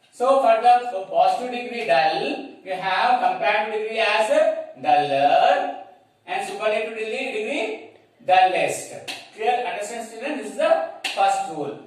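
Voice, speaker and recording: A man with a Telugu-accented English explains grammar slowly and repeats himself often, in a high voice. He is heard from a distance in a very echoey room. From India. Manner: slow, repetitive, spells words letter by letter, checks in with "clear, children?". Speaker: English teacher. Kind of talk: classroom grammar lesson.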